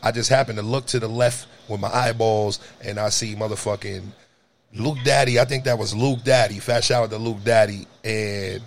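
A young adult man telling a story in casual talk, animated and profane, jumping to high shouts. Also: normal speed, a little hiss or hum. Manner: animated, profane, jumps to high shouts when acting out scenes.

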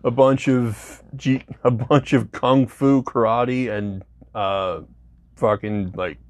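A man co-hosting a podcast, chatting casually with excitable, profane banter. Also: medium pitch, slow pace, dry recording. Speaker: podcast co-host. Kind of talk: casual chat.

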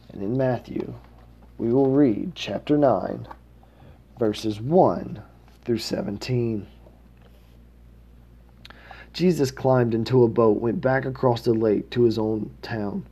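Man reading scripture aloud, mellow, steady pace, corrects his own slips. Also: medium pitch, dull audio. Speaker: scripture reader.

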